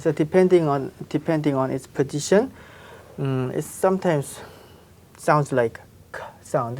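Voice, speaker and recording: A woman teaches a language lesson slowly, patiently repeating sounds, giving spoken examples, and checking in with her students. Her voice is low, expressive, a little mellow, and a bit slow.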